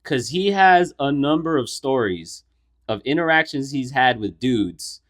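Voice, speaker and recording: A man's voice: medium pitch, lively intonation, measured pace, fairly bright tone. A young adult man co-hosting a podcast, telling a story in loose, profane casual chat full of "like" fillers. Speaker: podcast co-host.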